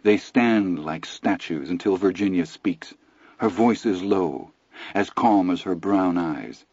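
Low-voiced man reading a novel. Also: slow pace, darkish tone, no echo, highs cut off. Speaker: audiobook narrator. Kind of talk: scripted narration.

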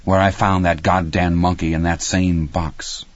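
A haunted, tense father speaks in short, clipped words, as played by a male narrator. The voice is very deep and close, with no room sound, and the recording is slightly muffled. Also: level tone, a little slow, no echo.

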